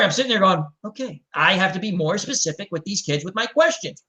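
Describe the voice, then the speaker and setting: Middle-aged male host, casual chat, rambling storyteller, slightly higher voice. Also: brisk, low-quality recording. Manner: rambling, animated storyteller acting out quotes. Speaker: show host.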